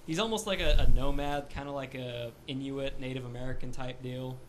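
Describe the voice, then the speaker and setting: A man's voice: mid-range voice, steady tone, brisk, slight background noise. A young man rambling in casual chat about a game he plays, laughing often. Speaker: tabletop game player.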